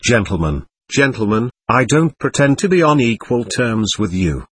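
Guy reading a jittery tipsy man being questioned, pleading and repeating himself, husky voice. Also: medium pitch, sing-song, normal speed. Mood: eager. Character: excitable, effusive man under interrogation, slightly drunk. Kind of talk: audiobook reading.

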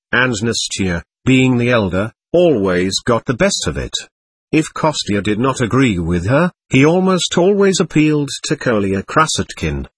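A man reading a classic novel aloud as an audiobook narrator, in a measured, expressive storytelling manner. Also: medium pitch, slightly rough, dry recording. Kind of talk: scripted narration.

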